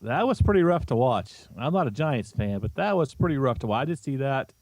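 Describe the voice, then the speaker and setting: A man's voice: mid-range voice, sing-song, brisk, a little mellow, low-quality recording. A man who joins the show every week as a guest football fan, chatting casually and teasing the host. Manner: easygoing, teasing, laughs along. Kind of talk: casual sports chat.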